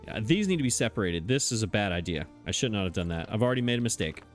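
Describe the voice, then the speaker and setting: A man with a fairly low voice talks fast and animatedly while faint music plays underneath. He's hosting a let's play, musing aloud in a chatty, puzzled way and mocking his own blunders as he gives casual gameplay commentary.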